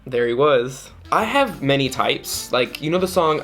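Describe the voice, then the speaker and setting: A man telling a dating story to camera in a casual, jokey way, often jumping into high mock voices. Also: expressive, measured pace, few pauses, fairly bright tone, faint music behind.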